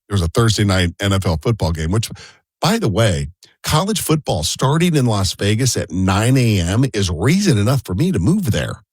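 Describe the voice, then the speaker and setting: A man's voice: on the low side, no room sound. A man co-hosting a talk show, telling chatty, rambling anecdotes full of asides. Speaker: co-host. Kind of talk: casual talk-show storytelling.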